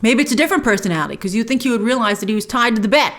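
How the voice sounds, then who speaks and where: A woman's voice: on the high side, lively intonation, rapid-fire, a bit bright. A woman hosting a trailer breakdown, chatting enthusiastically with lots of restarts. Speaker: host.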